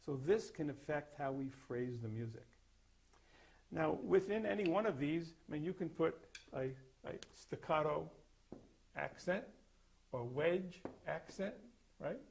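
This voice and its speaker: Gravelly older man teaching percussion. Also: a little high, lively intonation, a little slow, a little mellow. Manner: explains then sings or plays examples. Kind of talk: demonstrating master class.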